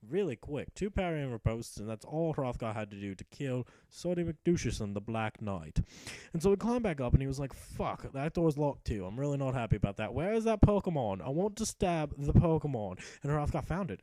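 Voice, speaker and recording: A man's voice: a little high, warm tone, no echo, low-quality recording. A young man narrating his own gameplay as a mock-epic tale, sarcastic and full of swearing. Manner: profane, sarcastic storyteller voicing his character. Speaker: gameplay commentator.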